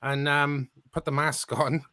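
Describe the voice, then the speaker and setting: A man's voice: fairly high pitch, little pitch movement, measured pace, bright, forceful tone, smooth. A Welsh man hosting, chatting and laughing at his own stories in casual podcast banter. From Wales. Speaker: host.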